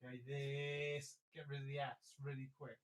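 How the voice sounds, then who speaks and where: A man leading an online choir rehearsal, patiently breaking the lines into syllables and speaking each phrase slowly as an example. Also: medium pitch, level tone, over loud music, low-quality recording. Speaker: choir leader. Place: home, remote rehearsal. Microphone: video call.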